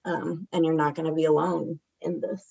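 Woman, podcast co-host, gentle supportive questions, lowish voice, dull dry recording. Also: little pitch movement, moderate pace, gravelly, slightly rough, no room sound. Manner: gentle, asking soft questions.

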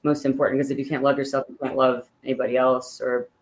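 A woman's voice: very deep voice, level tone, fast talker, slight background noise, rough recording. A woman singer-songwriter from Pittsburgh, a guest in a casual interview, talking earnestly and upbeat with many fillers. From Pittsburgh, Pennsylvania.

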